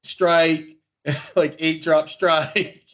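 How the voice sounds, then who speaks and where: A man's voice: fairly high pitch, steady tone, very slow, a bit bright, highs cut off. A man co-hosting a podcast, teasing the others with dry humor. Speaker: podcast co-host. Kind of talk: casual banter.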